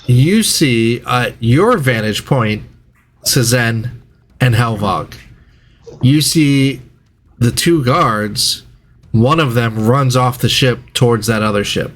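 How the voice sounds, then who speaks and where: A man narrating a tabletop game as game master, describing scenes in a measured, descriptive way. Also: mid-range voice, expressive, a bit bright, a little hiss or hum.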